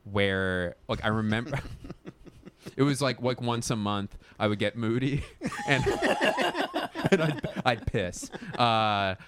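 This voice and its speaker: A man's voice: medium pitch, big pitch swings, slow, background noise. A young man co-hosting a casual podcast chat, telling a long, rambling story and laughing through his own words. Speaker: podcast co-host.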